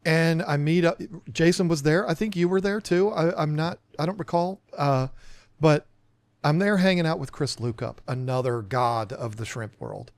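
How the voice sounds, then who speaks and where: A man co-hosting a podcast, telling a self-deprecating story in a casual, animated way and acting out the dialogue. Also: on the high side, normal speed, dry recording. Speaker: podcast co-host.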